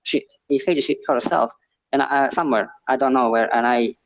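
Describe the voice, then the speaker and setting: Halting, hesitant man in casual chat. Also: mid-range voice. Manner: halting, hesitant, with many "uh" pauses.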